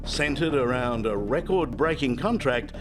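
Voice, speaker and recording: A male reporter giving scripted TV narration in a measured storytelling way. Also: medium pitch, expressive. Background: music bed.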